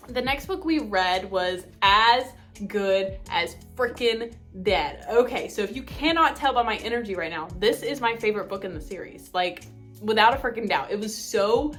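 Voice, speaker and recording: A woman's voice: medium pitch, moderate pace, faint music behind. Bubbly young woman gushing over books. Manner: bubbly, gushing, full of fillers; speeds up when excited. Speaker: book vlogger. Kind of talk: casual chat.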